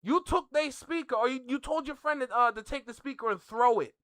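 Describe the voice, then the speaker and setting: A man's voice: very high voice, a little fast, a bit bright. A man with a Toronto accent hosting a reaction video, talking in a heated, incredulous way and repeating his points. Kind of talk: casual reaction commentary.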